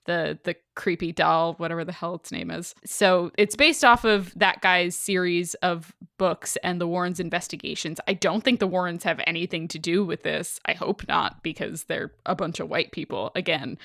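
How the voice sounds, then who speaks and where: A woman's voice: fairly low pitch, moderate pace, vocal fry, hardly any pauses, fairly bright tone, dry recording, clean studio sound. A woman hosting a podcast, talking in a blunt, sarcastic, irreverent way. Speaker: podcast host. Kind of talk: casual podcast chat.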